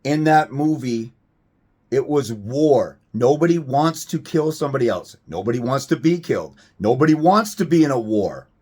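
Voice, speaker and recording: A man's voice: medium pitch, lively intonation, normal speed, darkish tone, husky. Blunt, profane man ranting to camera. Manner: emphatic, rhetorical questions. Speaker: fathers' rights advocate. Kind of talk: direct-to-camera rant.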